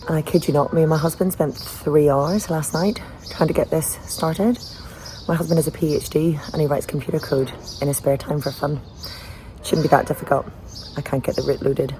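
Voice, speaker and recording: A woman's voice: deep voice, noisy background. Frank, self-questioning woman in her forties. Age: 40s. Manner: frank, self-questioning, laughs often, emotional at times. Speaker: vlogger training for a cycling event. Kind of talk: candid self-filmed monologue. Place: outdoors on a road while out on a bike ride. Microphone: small camera carried while cycling.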